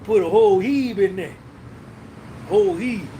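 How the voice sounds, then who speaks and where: A man's voice: high voice, measured pace, background noise. A man hosting a podcast livestream, talking casually and profanely, reminiscing and reading out viewers' names. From New Jersey. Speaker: podcast host.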